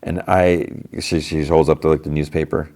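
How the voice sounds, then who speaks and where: Deep voiced guy recapping a show, rambly, says like and you know constantly. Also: level tone, moderate pace, warm tone. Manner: rambling, full of "like" and "you know", frequent restarts. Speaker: podcast host. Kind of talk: casual episode recap.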